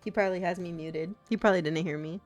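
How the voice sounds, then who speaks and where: A woman's voice: lowish voice, steady tone, fast talker, darkish tone, faint music behind. A young adult woman streaming a game, chatting casually in a playful, giggly way. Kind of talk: casual chat while gaming.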